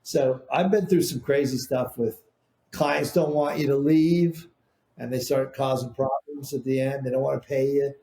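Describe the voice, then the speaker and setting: A man, a business founder, telling rambling, animated stories as a podcast guest. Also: medium pitch, normal speed. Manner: rambling, animated storyteller with restarts. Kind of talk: casual storytelling interview. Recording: roomy echo.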